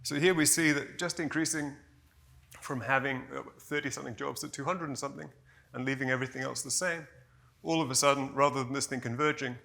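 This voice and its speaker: Male conference presenter, gravelly and bright, measured and explanatory, corrects himself on the fly. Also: mid-range voice, steady tone. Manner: measured, explanatory, with frequent "you know" and self-corrections. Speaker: conference speaker.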